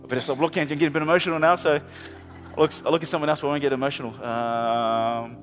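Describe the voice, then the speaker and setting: Impassioned New pastor preaching in hall. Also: male voice, fairly high pitch, fairly even intonation, fast, fairly bright tone, soft background music. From New Zealand. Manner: impassioned, repetitive preaching with playful asides. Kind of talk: sermon. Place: large church hall.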